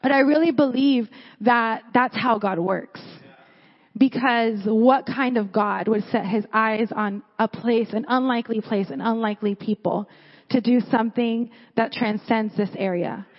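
A young Californian woman gives a sermon at church, telling stories casually with lots of "like" fillers. Her voice is fairly high and measured in pace, heard in an echoey hall with dull lo-fi sound.

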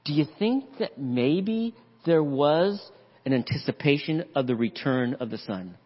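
A man preaching a sermon as pastor, animated and acting out voices in the story. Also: medium pitch, normal speed. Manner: animated preaching, acts out the father's voice. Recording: dull lo-fi audio with long hall reverb.

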